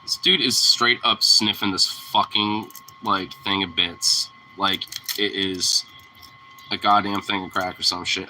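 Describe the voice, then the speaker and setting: A man's voice: fairly low pitch, lively intonation, a little slow, pushed and bright, a little hiss or hum, poor audio. A young man talking casually to his dog, teasing it, laughing often and swearing freely. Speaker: vlogger.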